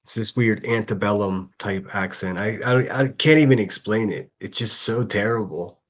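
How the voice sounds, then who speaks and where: A man with a slightly low voice talks through clips in a loose, casual way. He is blunt and mocking, and he swears without holding back. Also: moderate pace. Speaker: livestream commentator. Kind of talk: casual reaction commentary.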